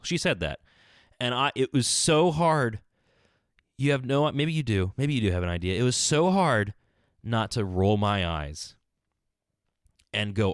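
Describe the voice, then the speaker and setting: Brief: male podcaster ranting solo, lively swinging pitch, dry close closet sound. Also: normal speed, dry recording. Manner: animated, exasperated storytelling. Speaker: podcast host. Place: small closet.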